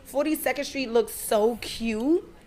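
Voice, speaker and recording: A woman's voice: fairly high pitch, unhurried, dark tone. New york lady podcast host, blunt and profane, just chatting and telling stories. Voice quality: blunt, streetwise, profane storyteller. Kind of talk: casual chat.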